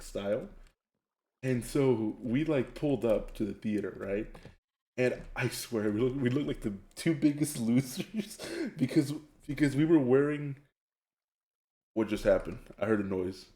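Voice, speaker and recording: A man streaming live, telling stories in a loud, excitable way and laughing often as he reads chat. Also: medium pitch, unhurried, roomy sound. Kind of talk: casual storytelling while gaming on a live stream.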